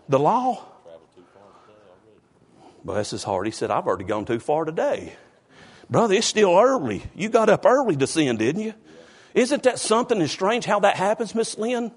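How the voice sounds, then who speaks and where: A man's voice: high-pitched, very animated, normal speed, breathy edge. A man preaching a sermon, fervent and calling out members of the congregation by name. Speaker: pastor.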